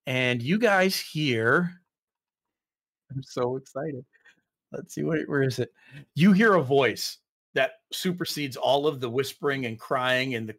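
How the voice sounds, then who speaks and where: A man's voice: medium pitch, fairly bright tone. Man, game master, tabletop game narration, casual, rambling.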